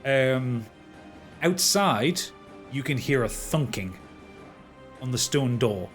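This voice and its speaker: A man runs a tabletop game as dungeon master, his voice of middle pitch. He narrates in a halting way, often repeating words. Faint music plays under him. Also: expressive.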